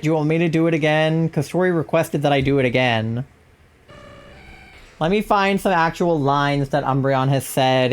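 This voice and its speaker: A young adult woman chats casually on a live stream, rambling and filling her speech with "like." Her voice is rumbling low and smooth.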